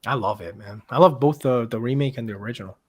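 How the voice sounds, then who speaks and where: A man's voice: medium pitch, quick pace, husky, no echo, studio quality. A man co-hosting a casual podcast, enthusiastic and laid-back, with easy slang. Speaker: podcast co-host.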